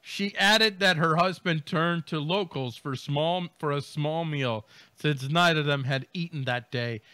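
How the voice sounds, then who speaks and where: A man's voice: fairly high pitch, measured pace, sharp tone, clear, resonant tone, dry recording. A man co-hosting a podcast, reading out a news story and riffing on it with jokes, laughter and mock voices. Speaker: podcast co-host. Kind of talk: comedic news commentary.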